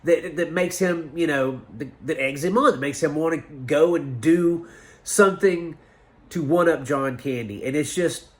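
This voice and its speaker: A man's voice: a little high, moderate pace. A man casually reviewing a movie for his channel, enthusiastic and rambling, with lots of fillers and restarts.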